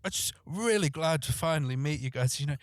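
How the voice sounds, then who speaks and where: A man's voice: fairly high pitch, lively intonation, fairly quick, no room sound, clean studio sound. A man co-hosting a casual podcast chat, camp and gossipy, telling stories with frequent laughs. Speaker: podcast co-host.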